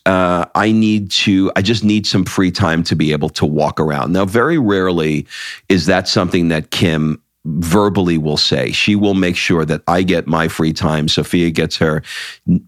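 A man's voice: deep voice, no room sound, studio quality. A man co-hosting a podcast in casual chat, talking frankly with casual swearing and restarted phrases. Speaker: podcast co-host.

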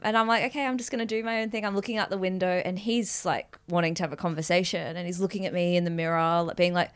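A woman's voice: lowish voice, fast talker, clear, resonant tone. A woman co-hosting a podcast, chatting casually and telling stories, acting out other people's lines and laughing often. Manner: animated storyteller, acts out quotes, laughs often. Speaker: podcast co-host. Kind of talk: casual chat.

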